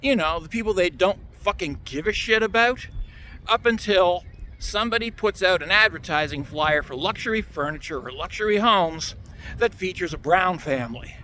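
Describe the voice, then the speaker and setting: A man's voice: high-pitched, lively intonation, normal speed, bright, forceful tone, slight background noise. A man from Canada giving a sarcastic, ranting political monologue straight to the camera. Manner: sarcastic, ranting, mocks opponents. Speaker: political commentator. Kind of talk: solo opinion monologue.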